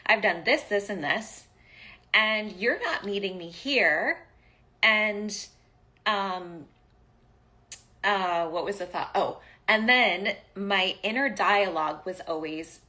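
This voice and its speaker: A woman in her forties, a podcast host telling a personal story in a candid, animated way, cursing casually. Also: medium pitch, takes it slowly.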